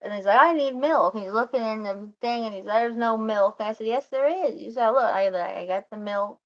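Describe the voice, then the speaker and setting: A woman vlogger at medium pitch tells a rambling story with a flat delivery, captured in dull audio. It's casual chat, with frequent restarts and quick asides quoting other people.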